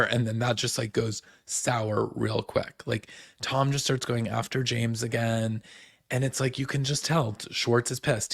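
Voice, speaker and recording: Male host for a casual TV recap: rambling and animated, slight vocal fry, dry recording. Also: mid-range voice, dry recording. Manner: rambling, full of "like" and "um" fillers; animated, puts on the cast's voices in quotes.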